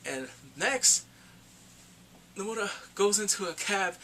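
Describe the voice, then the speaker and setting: A man giving a casual spoken movie review, retelling the plot excitedly and acting out the characters' lines. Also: high voice, measured pace, long pauses, a little hiss or hum.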